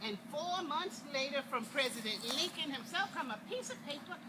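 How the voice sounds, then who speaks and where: A woman putting on an eager young enslaved boy who recalls the war with quick, excited dialect. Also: sits high. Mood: storytelling. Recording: noisy outdoor recording with passing traffic.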